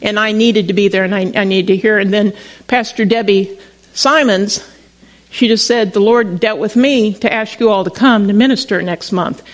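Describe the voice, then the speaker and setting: A steady, medium-pitched woman's voice carries this sermon at normal speed, though the audio quality is poor. The middle-aged pastor preaches in a chatty, storytelling manner and keeps restarting sentences.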